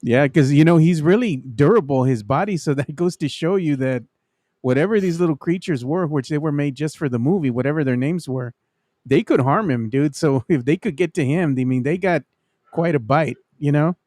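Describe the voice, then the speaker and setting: A man's voice: fairly high pitch, normal speed, mellow, no room sound, studio quality. A man co-hosting a casual movie review podcast, laughing as he retells scenes and saying "you know" a lot. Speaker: podcast co-host.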